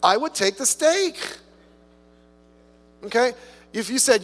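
Male preacher, high and very animated, talks to the room with quick asides; reverberant hall. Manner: conversational, with rhetorical questions and humorous asides. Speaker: pastor. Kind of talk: sermon.

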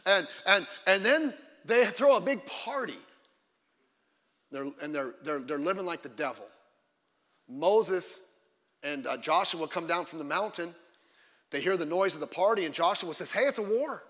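A man preaching a sermon as a pastor, emphatic and fiery, often breaking off into quick asides. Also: fairly high pitch, animated, sharp tone, in a large hall.

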